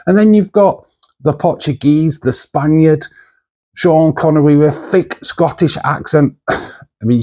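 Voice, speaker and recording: A man's voice: mid-range voice, dark tone. A man from the UK, hosting a movie channel in a loose, rambling chat full of fillers and asides.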